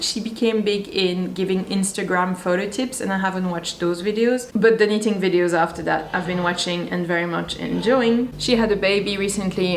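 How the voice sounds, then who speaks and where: A woman's voice: lowish voice, a little hiss or hum. Chatty French-accented woman in an echoey room. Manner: chatty, enthusiastic, rambling asides. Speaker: sewing YouTuber. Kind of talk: casual chat to camera. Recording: roomy echo.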